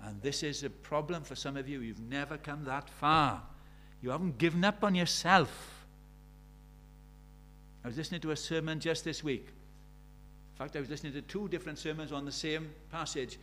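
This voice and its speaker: Earnest older male preacher, high voice. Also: normal speed. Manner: earnest, swinging between soft and emphatic, acts out quoted prayers. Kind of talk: sermon.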